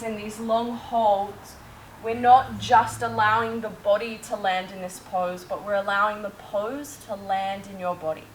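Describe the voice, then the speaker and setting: A calm yoga instructor leads a guided class, cueing breath and movement one step at a time. Her voice sits at a medium pitch and is picked up from far away, with a slight hiss or hum. The room is echoey, with faint ambient sound.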